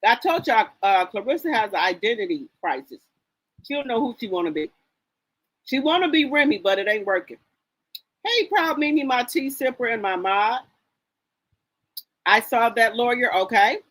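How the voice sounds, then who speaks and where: A woman's voice: a little high, animated, normal speed, long pauses, fairly bright tone, low-quality recording. A woman hosting a live stream, chatting casually about gossip and greeting viewers by name in a sassy, chatty way. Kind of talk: casual gossip commentary, reading chat aloud.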